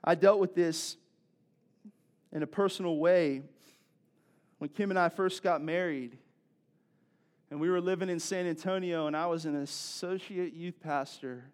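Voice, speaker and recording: A man, preaching a sermon in a conversational, animated storytelling way with asides to the congregation. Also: on the high side, a little slow, pauses often. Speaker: pastor.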